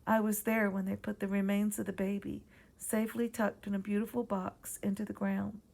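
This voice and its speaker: A woman with a Southern accent reading her own ghost story aloud in a quiet, measured way. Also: medium pitch, little pitch movement, gravelly.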